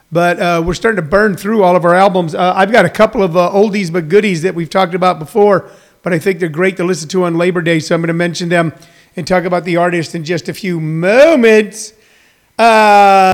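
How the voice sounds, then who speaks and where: A man hosting a casual livestream show, rambling in a chatty way to his viewers with many restarts and fillers. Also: sits high. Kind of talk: casual chat to live viewers. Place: home in a hot desert region.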